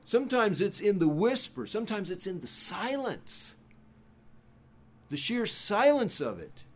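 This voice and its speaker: A pastor preaching a sermon, who moves between hushed, quiet passages and loud, emphatic ones. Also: male voice, sits high, very animated, a little slow.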